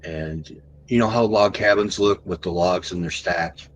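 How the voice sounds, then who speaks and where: Low-voiced man telling a tense story. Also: slight background noise, poor audio. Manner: animated storyteller, slows down for tense moments. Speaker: podcast guest. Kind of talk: recounting an encounter story.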